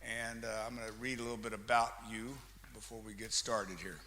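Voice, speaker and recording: A man's voice: on the low side, fairly even intonation, fairly quick, bright, forceful tone. A man emceeing a live chamber of commerce meeting, chatty and joking with the crowd as he hands out door prizes and introduces a guest. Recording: reverberant hall with faint background noise.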